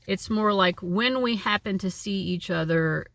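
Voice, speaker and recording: A woman's voice: mid-range voice, measured pace, gravelly, a bit bright, dry recording. A woman giving a casual, chatty tarot reading, with a lot of likes and you knows. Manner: chatty, uses many fillers. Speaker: tarot reader.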